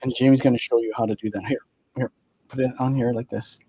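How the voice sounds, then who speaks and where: Quiet man explaining wirework. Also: medium pitch, quick pace, slightly rough, poor audio. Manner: quiet, steady, explains as he works. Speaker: jewelry artist demonstrating. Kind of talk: calm how-to instruction.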